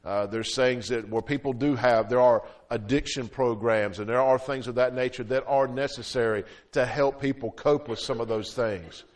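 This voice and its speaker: A man preaching a sermon as pastor, calling out amen and swinging between loud emphatic peaks and low quiet drops. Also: fairly even intonation, normal speed, hardly any pauses. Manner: preaching with frequent "amen" calls and fillers.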